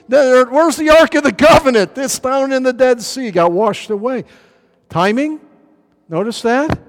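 Male pastor, high voice, casual anecdotal sermon full of ums and restarts, acts out quotes; long hall reverb. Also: a little mellow. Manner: chatty, anecdotal, many fillers and restarts; acts out quoted voices with big pitch jumps. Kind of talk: sermon, verse-by-verse Bible teaching.

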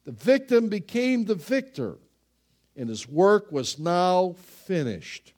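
A male pastor delivering a passionate sermon. His voice swings widely in pitch, and he takes his time, stretching out his words. Every now and then he bursts into a loud cry. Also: very animated. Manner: impassioned preaching, slow and dramatic with sudden loud exclamations.

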